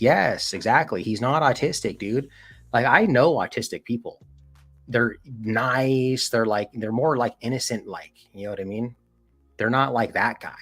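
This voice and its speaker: A man's voice: on the low side, creaky, breathy edge. A man hosting a casual livestream chat, talking emphatically with lots of "like" and "dude". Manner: animated, emphatic, heavy use of "like" and "dude". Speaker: podcast host.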